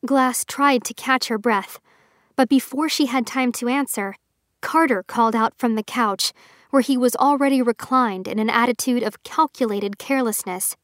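A woman reads a novel aloud in a steady, expressive audiobook style. Her voice sits a little high, and the recording is dry and close, with no room around it. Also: normal speed, no room sound. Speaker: narrator. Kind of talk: audiobook narration.

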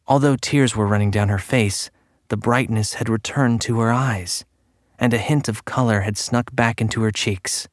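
A man narrates a story with a measured, steady delivery and a somewhat low voice. The recording is close and dry, with no echo at all. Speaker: audiobook narrator. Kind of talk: scripted narration.

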